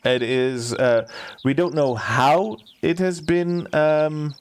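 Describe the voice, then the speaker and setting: A man's voice: fairly high pitch, steady tone, slow pace, clean tone, voice pushed up. A man doing a fussy, pompous court steward. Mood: gushing. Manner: theatrical, swings from gushing to sobbing to sneering. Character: fussy, pompous male court steward who dotes on his bird.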